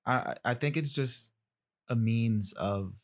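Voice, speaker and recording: A male podcast guest speaking in a measured, deliberate way and choosing his words carefully in casual conversation. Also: medium pitch.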